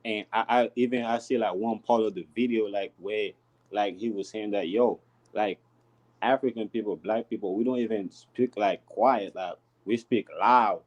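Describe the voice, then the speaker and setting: A man's voice: on the low side, fairly even intonation, moderate pace, highs cut off. A man speaking on a casual panel, rambling with many restarts and filler words. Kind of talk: casual chat.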